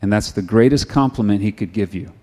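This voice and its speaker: A middle-aged man preaching a sermon. He tells stories in a conversational way and moves into quiet, earnest prayer. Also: fairly low pitch, a little fast.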